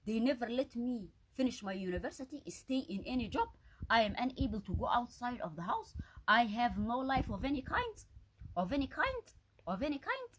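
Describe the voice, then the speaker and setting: A woman's voice: on the high side, expressive, brisk, slight background noise. A woman delivering an unscripted solo monologue, agitated and accusatory, often stopping to restart and repeat her words for emphasis. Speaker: vlogger.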